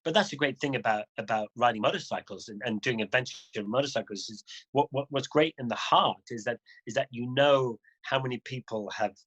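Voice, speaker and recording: A man's voice: mid-range voice, fairly quick, hardly any pauses, fairly bright tone, breathy edge, poor audio. A middle-aged man, a guest adventure motorcyclist, telling stories in a casual way and acting out other people's lines. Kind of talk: casual conversational storytelling.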